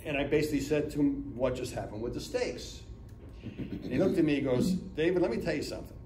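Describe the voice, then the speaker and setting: A man's voice: fairly high pitch, brisk, noisy background. Older man telling stories in an echoey room. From Northeast Ohio, USA. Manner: chatty storyteller, acts out dialogue, keeps asking "right?". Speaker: guest speaker at a business lunch talk. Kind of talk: storytelling business talk. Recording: echoey room, mic from far off.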